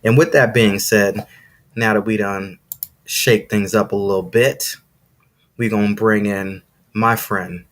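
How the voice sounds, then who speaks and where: A man's voice: fairly low pitch, unhurried. A man hosting a live podcast, delivering an emphatic, preachy motivational monologue. He repeats phrases for effect and speaks straight to his listeners. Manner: excited, talks to listeners directly. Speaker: podcast host.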